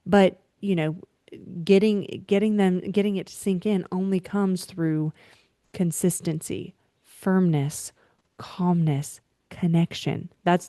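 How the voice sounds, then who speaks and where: A woman giving parenting advice as a faith-based behavior coach, teaching in an animated, emphatic way and checking in with listeners. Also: lowish voice, no echo, studio quality.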